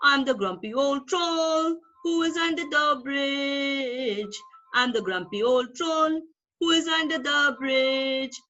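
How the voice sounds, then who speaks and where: A woman's voice: high-pitched, slow pace, bright, forceful tone, soft background music, heavily acted. Woman doing a grumpy old troll, Indian English. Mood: menacing. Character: grumpy old male troll under a bridge. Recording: dull lo-fi recording.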